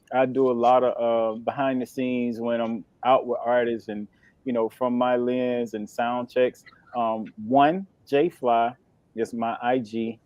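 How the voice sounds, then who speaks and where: A man's voice: medium pitch, a little mellow, no room sound, muffled recording. Easygoing man in a dry close recording. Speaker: guest, musical director. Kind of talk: casual interview talk.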